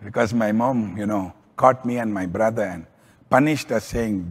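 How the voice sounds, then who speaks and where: A man preaching a sermon as a pastor, telling stories with lively swings in pitch and volume. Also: moderate pace, husky, long reverb tail.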